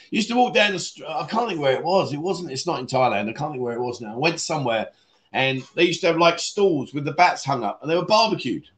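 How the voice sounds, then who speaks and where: Guy chatting on a livestream, kinda high voice, laughs lots, rambles, says mate all the time. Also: lively intonation, brisk, a bit bright. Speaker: livestream host reading viewer comments. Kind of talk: casual livestream chat. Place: Pattaya, Thailand.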